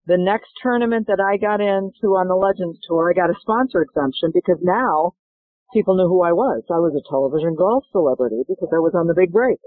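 The speaker is a middle-aged woman, a golf instructor, whose lowish voice carries no echo. She tells stories in an interview with animation, acting out each bit of dialogue, heard over a dry, tinny, phone-like connection.

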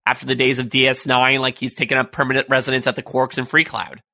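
A man co-hosting a casual fan discussion podcast, chatty and quick with jokes. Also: medium pitch, level tone, vocal fry, pushed and bright, dry recording. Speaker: podcast co-host.

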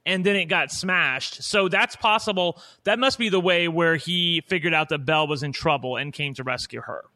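Bright-voiced man giving frank opinions. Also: a little high, normal speed. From Indiana, USA. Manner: candid, opinionated, trails off and restarts. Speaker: podcast co-host. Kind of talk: casual chat.

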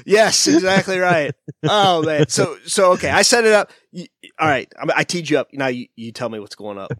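A man's voice: fairly high pitch, expressive, a little fast, a bit bright, no echo, studio quality. A man hosting a podcast, teasing his guest with crude jokes and cutting in often. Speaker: podcast host. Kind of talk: casual podcast chat.

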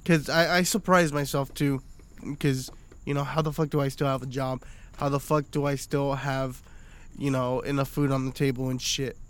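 A man in his thirties chatting casually on a podcast, swearing freely, animated and laughing often. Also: mid-range voice, normal speed, smooth. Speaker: podcast co-host.

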